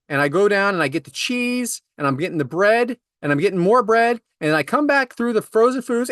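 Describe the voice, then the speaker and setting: A man in his forties rants his way through everyday anecdotes, his pitch swinging widely as he grows exasperated. He sounds close to the mic, with a dry, dead room around him. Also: fairly bright tone, dry recording. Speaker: podcast co-host. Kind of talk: casual comedic storytelling.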